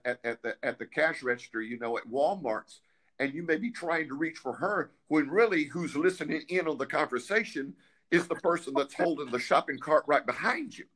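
A man's voice: a little high, fairly bright tone. A man hosting a casual faith talk, fervent and emphatic, often repeating words as he searches for what to say. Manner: halting, with many repeated words.

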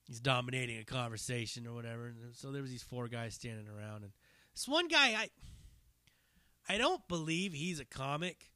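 A man's voice: medium pitch, very animated, normal speed, bright, forceful tone, dry recording. A man hosting his own podcast, a stand-up comic telling a long, loose, profane story with fillers and restarts. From Northern California. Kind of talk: casual rambling storytelling.

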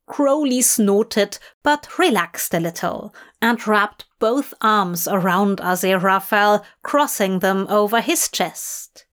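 A woman narrating a fan fiction audiobook in a soft, measured storytelling manner. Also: medium pitch. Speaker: reader.

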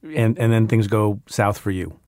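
A man with a fairly low voice hosts the interview. He cuts in with brief, pointed questions and wry asides. The sound is close and dry, with no room echo. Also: steady tone, normal speed, darkish tone. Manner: short probing questions with dry wit. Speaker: podcast host.

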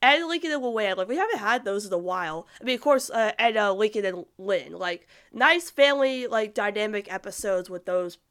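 A woman's voice: mid-range voice, expressive, fairly quick, hardly any pauses, a bit bright, smooth. A young woman chatting casually as a host, rambling with lots of fillers and restarts while reading viewer comments. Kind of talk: casual fan chat.

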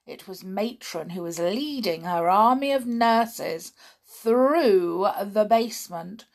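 A woman reading a children's story aloud, dramatic and expressive, swinging from hushed whispers to loud cries. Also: medium pitch, slow, gravelly. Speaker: audiobook reader.

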